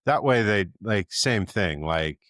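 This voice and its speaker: Man, very low voice, paramedic co-host, laid-back joking chat, dry sound. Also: lively intonation, slow, fairly bright tone, dry recording. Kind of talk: casual chat.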